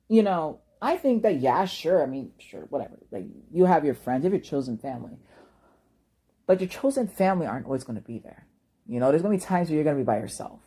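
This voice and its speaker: A woman's voice: low voice, warm tone, husky. A young woman giving an emotional personal monologue, impassioned and ranting, cursing and repeating words when worked up. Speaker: vlogger.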